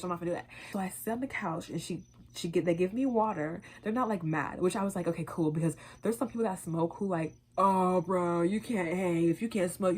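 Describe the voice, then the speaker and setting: A young woman vlogger telling a casual, animated storytime, full of swearing and acted-out quotes. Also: fairly low pitch. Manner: animated, profane, quoting herself in voices.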